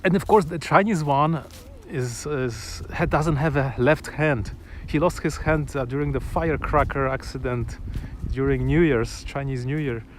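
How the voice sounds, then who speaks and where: A man's voice: mid-range voice, measured pace, hardly any pauses, a little hiss or hum. A man chatting casually and enthusiastically, rambling with restarts and small chuckles, outdoors on a sunny afternoon. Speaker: vlogger. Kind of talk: casual chat to camera.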